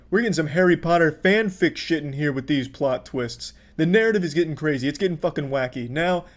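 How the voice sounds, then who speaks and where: A man giving profane, mocking commentary with deadpan sarcasm over video clips. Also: a little high.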